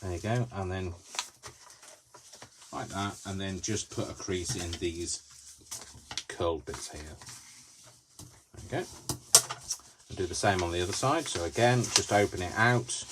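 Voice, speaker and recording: A man with a very low voice hosts a live craft demonstration, chatty and prone to giggling. He is tired and giddy from little sleep and keeps talking to himself as he folds. The recording carries a steady layer of background noise. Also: a little slow, long pauses. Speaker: crafting video host.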